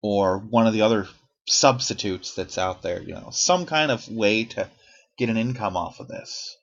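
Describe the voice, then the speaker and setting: A man's voice: on the low side, moderate pace, vocal fry, highs cut off. A man rambling through casual gameplay commentary as a YouTuber, swearing freely and poking fun at himself. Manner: rambling, profane, self-deprecating.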